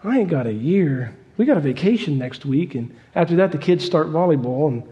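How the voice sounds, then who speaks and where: A busy family man rushing through his excuses, hurried and apologetic, as a preacher puts him on. The tone is warm and mellow and pitched a bit high. A long hall reverb follows. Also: animated, dull audio, lightly acted. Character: busy family man, always short on time.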